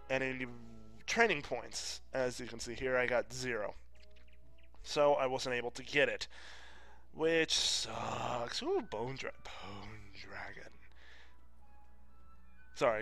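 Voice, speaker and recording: A man giving casual, rambling gameplay commentary as a let's play host, easily distracted and breaking into sudden excited outbursts. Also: medium pitch.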